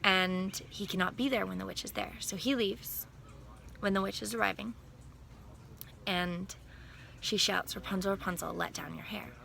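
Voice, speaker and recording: A woman casually retelling a fairy tale in a plain, unhurried way, correcting herself now and then. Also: medium pitch, gravelly, pushed and bright, slight background noise. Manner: plain, unhurried telling with small self-corrections. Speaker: storyteller.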